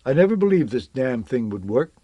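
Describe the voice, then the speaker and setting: A man reading as a gruff old woman navigator. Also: mid-range voice, very animated, a little fast, no room sound, highs cut off. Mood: grumbling. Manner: muttering, cold then reluctant.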